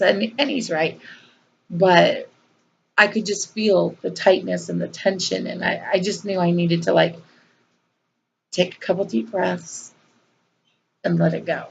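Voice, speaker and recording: A woman's voice: lowish voice, fairly even intonation, a little slow, creaky, long pauses, a little hiss or hum, poor audio. A woman vlogger, earnestly telling a personal story in a conversational way with fillers and repeats.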